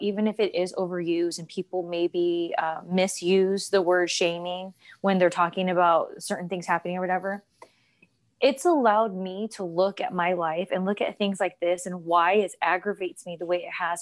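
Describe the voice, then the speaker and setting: Animated woman telling a story. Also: on the low side. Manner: animated storytelling, reading messages aloud. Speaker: podcast co-host. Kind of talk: casual chat.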